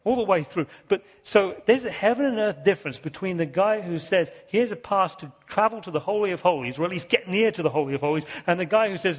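High, husky-voiced British-born preacher. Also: male voice, fast, few pauses, big-room sound, muffled recording. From Britain. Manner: animated storytelling preacher, repeating key words for emphasis. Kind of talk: sermon.

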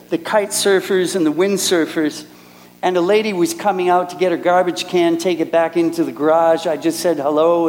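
An earnest middle-aged man from Minneapolis preaches to a congregation, his voice sitting a little high for a man. He tells stories and voices the people in them. Long reverb hangs on his words in a big hall. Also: a little mellow, slight background noise. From Minneapolis, United States. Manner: earnest storytelling, acts out quoted speakers. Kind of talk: sermon with personal stories.

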